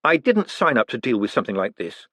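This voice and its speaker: Guy putting on a jumpy young conman, squeaky and protesting, dry close sound. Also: very animated, quick pace, a bit bright, no room sound. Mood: flustered. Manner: high-pitched, agitated and protesting. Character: nervous, flustered young male ex-conman.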